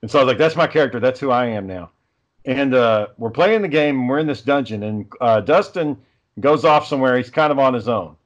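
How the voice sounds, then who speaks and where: A man's voice: medium pitch, animated, a little fast, dull audio. A man telling rambling, profane stories in casual chat with friends.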